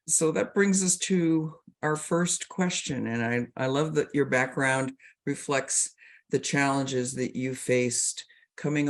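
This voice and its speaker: A man hosting an interview podcast, asking thoughtful questions in a measured way, with pauses and fillers. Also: fairly high pitch. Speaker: podcast host.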